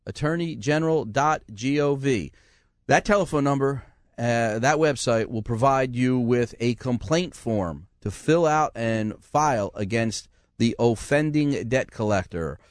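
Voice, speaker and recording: A man's voice: medium pitch, unhurried, dry recording, studio quality. A man hosting a radio call-in show, talking in a folksy, joking way. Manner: animated, folksy, jokey.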